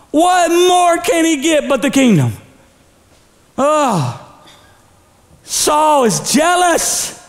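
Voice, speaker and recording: A male pastor preaching a sermon with energy, calling on the congregation to repeat after him. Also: extremely high pitch. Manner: energetic preaching with call-and-response. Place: church sanctuary.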